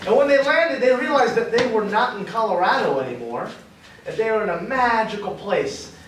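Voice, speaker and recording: On stage, a man spins an improvised funny story, rambling, self-correcting, and laughing along. His high-sitting voice is animated at a normal speed. It's a very echoey, far-off live recording with background noise.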